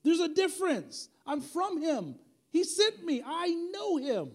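A man's voice: very high voice, big pitch swings, takes it slowly. A man preaching a sermon as pastor, dynamic and conversational, repeating key lines for emphasis with folksy asides.

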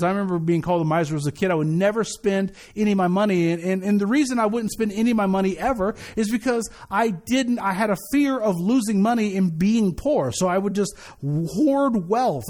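A male pastor preaching a sermon in a lively, conversational way, often repeating words as he restarts. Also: sits high.

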